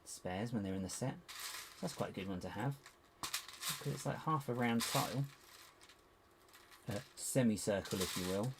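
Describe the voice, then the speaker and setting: A man's voice: lowish voice, moderate pace, pauses often. Chatty man muttering over Lego parts. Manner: chatty, muttering to himself while hunting for parts, self-mocking. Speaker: LEGO builder and streamer. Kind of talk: casual live-stream chat while building. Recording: steady background hiss with clicks.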